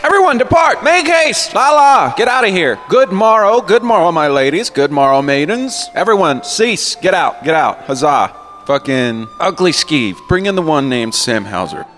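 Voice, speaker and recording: A man's voice: on the high side, very animated, moderate pace, fairly bright tone, big-room sound, soft background music. A man playing a boastful, crude fake-medieval lord who speaks in mock archaic English and barks orders. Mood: commanding.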